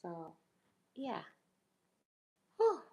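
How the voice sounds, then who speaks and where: A woman's voice: on the high side, huge pitch swings, very slow, vocal fry, dark tone, slightly rough, rough recording. A woman hosting her own livestream, speaking casually and emphatically to her chat, repeating phrases and asking rhetorical questions. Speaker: YouTuber livestream host.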